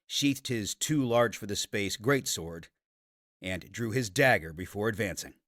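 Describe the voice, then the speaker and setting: A man narrating a fantasy audiobook in a steady, even storytelling manner. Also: on the low side, no room sound, clean studio sound. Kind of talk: scripted narration.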